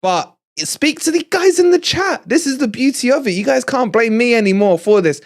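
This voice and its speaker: Excitable English man, high voice. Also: moderate pace. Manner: excitable, gloating, chats with viewers. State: out of breath. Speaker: fan channel host. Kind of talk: live-stream match review.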